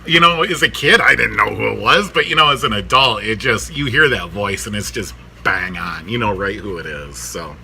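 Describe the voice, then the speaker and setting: A man's voice: fairly low pitch, moderate pace, gravelly, hardly any pauses, sharp tone, slight background noise. A man in his thirties chatting casually to camera in his workshop, rambling through a cartoon review, laughing often and talking to his dogs.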